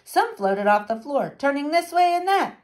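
A woman teacher reading a storybook aloud to children in a lively, child-directed way. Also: high-pitched, moderate pace.

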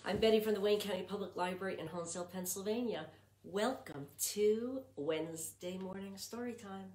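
A woman hosting a children's story time as a librarian, leading chants and songs in an animated, sing-song, exaggerated way for small children. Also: medium pitch. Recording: echoey room with faint noise.

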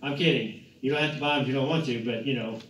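A man's voice: mid-range voice, fast talker, a bit bright, slight background noise. A man, a pastor rambling through church announcements and a joke, often correcting himself. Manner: rambling, joking, self-correcting. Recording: echoey, distant, muffled, with guitar music.

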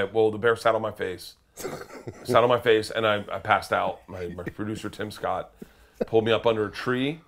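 A man telling a wild story as a guest, laughing and acting out quotes with sudden shouts. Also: fairly low pitch. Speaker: comedian guest. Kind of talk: animated storytelling.

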